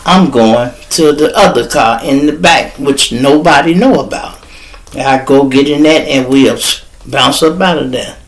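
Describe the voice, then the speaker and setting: A man with a Chicago accent hosting a podcast, telling stories in an animated, profane way and acting out what others said. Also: mid-range voice, a little slow. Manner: animated, profane, acts out quoted voices. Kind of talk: storytelling.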